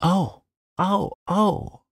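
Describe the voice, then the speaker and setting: A man reading a storybook aloud, voicing a fussy, mild-mannered gentleman frog with prim, polite speech. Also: fairly low pitch, sing-song, a little slow, dry recording, studio quality. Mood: alarmed.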